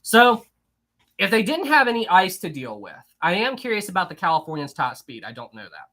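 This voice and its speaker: Male livestream host: casual, giggly, rambling, bright tone. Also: high-pitched, wildly swooping pitch, a little fast. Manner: chatty, giggly, rambling with many restarts. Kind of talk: casual livestream chat, reading super chats.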